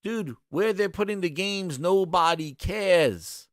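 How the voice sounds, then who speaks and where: A man's voice: high-pitched, slow pace, no echo, clean studio sound. A man hosting a gaming show, ranting with sarcasm and exasperation in casual commentary.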